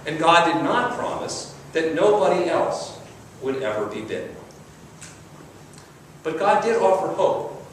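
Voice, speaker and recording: A man's voice: fairly high pitch, sing-song, measured pace, long pauses, a little hiss or hum. A man preaching a sermon as pastor, conversational, with repetition and emphasis. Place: church sanctuary. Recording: roomy church sound from a distant mic.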